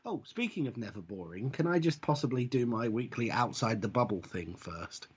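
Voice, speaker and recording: Man, podcast co-host, husky voice, rambling and jokey, lo-fi sound. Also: medium pitch, expressive, normal speed. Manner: rambling, jokey, self-correcting. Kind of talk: casual chat. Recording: dull lo-fi audio.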